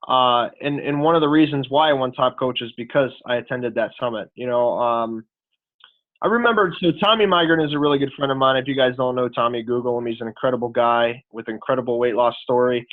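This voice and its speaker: A man's voice: medium pitch, fairly quick. A man in his thirties, a fitness coach giving a casual, earnest motivational talk on a team call, full of fillers. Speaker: guest speaker, fitness coach. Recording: tinny phone line.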